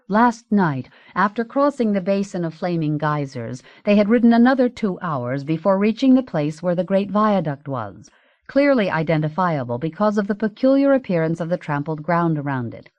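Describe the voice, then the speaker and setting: A woman narrating an audiobook in a measured, even reading. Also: lowish voice, dry recording.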